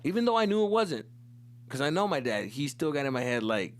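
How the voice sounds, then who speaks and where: A man's voice: on the high side, very animated, fairly quick. A man from Tucson, Arizona, hosting a podcast and telling a comic story in a casual, swearing, slangy way with Spanish mixed in. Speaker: comedian host.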